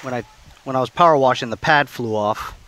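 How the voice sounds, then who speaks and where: A man hosting his own repair vlog, chatting casually and thinking out loud as he works, with plenty of fillers and restarts. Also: medium pitch, a little fast. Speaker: channel host. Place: garage workshop.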